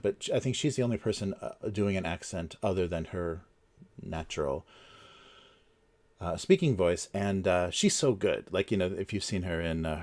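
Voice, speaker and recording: A man's voice: sits low, darkish tone. A man hosting a casual livestream, talking in a rambling way with many fillers and restarts. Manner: chuckles between points. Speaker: livestream host.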